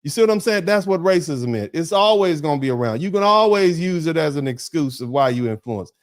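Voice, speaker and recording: A middle-aged American man hosting a livestream, reading chat comments and riffing in a lively, preacherly way, acting out little dialogues. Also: fairly quick. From United States. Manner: animated, preacherly, acts out dialogues; drops to low, quiet tone when telling a personal story.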